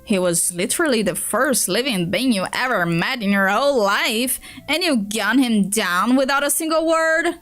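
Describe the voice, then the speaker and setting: A woman's voice: on the high side, expressive, moderate pace, hardly any pauses, fairly bright tone, faint music behind. A woman streamer reading a web comic aloud in English, with dry, teasing narration. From Brazil.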